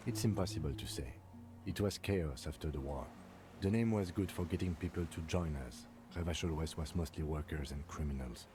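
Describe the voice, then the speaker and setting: A calm, dry police lieutenant. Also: male voice, rumbling low, brisk, background noise. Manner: calm, dry, matter-of-fact. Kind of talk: game dialogue voice acting. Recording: game audio with loud music.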